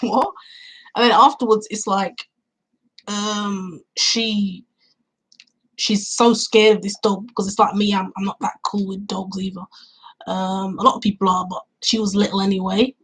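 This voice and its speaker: Outdoors in cool weather, a woman retells a film's plot at length for a casual review vlog, peppering it with fillers and quoting her own reactions. Her pitch is medium with a breathy edge, and the recording quality is low.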